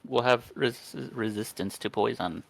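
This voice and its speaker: A man's voice: medium pitch, measured pace, creaky, a little hiss or hum, low-quality recording. A man at a tabletop game explaining rules in a matter-of-fact way. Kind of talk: casual tabletop play.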